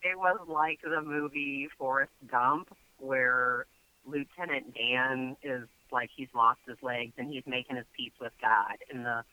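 A man's voice: medium pitch, steady tone, measured pace, bright, forceful tone, rough recording. A man telling a story casually as a guest, chatty and full of fillers.

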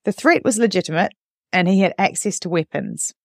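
A woman's voice: on the low side, expressive, brisk, vocal fry, dry recording. A woman hosting a podcast and reading a listener's letter aloud, audibly moved and choked up as she talks. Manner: emotional, choked up while reading. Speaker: podcast host. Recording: dry, close studio sound.

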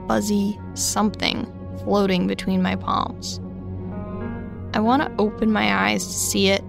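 A young woman narrating a scripted first-person story in a slow, reflective way. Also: medium pitch, vocal fry.

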